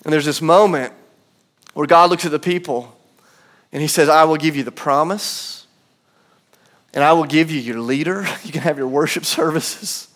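In a church auditorium, a pastor with a high, clear voice preaches earnestly. He leads listeners through his point by building with slow, weighty pauses before easing into low, quiet asides.

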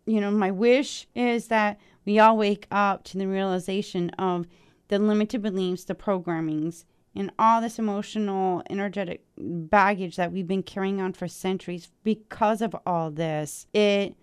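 A woman hosting a solo podcast, thinking out loud as she reads. Her voice is smooth and resonant, recorded close and dry with no room sound. She is animated and easily fired up. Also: mid-range voice, moderate pace, no room sound. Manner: stumbles over ancient names. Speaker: podcast host. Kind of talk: solo spiritual podcast, reading and musing aloud.

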